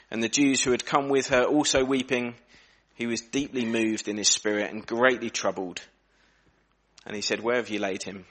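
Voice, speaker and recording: Male preacher, mid pitch, earnest sermon delivery, shifts pace and volume to stress points. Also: fairly bright tone. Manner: earnest, reflective, varies pace and volume for emphasis. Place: church.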